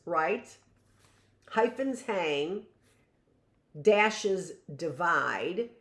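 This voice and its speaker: A middle-aged woman teacher leads a live reading lesson for young children in an echoey room. Her mid-range voice is slow and emphatic, repeating key phrases and checking in with "right?".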